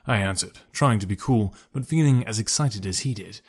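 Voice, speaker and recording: A man narrating a first-person story for an audiobook in a measured, even way. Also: lowish voice, husky.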